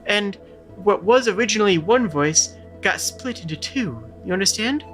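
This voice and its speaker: A man's voice: high-pitched, animated, moderate pace, fairly bright tone. A man streaming a retro game, chatting about how he voices its characters, with faint music behind. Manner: chatty, explaining with frequent restarts.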